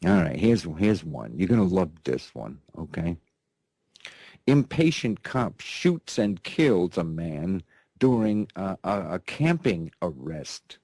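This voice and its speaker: Gravelly, rambling male news host. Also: sits low, mellow, no room sound. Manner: rambling, mocking, repeats himself. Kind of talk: sarcastic news commentary.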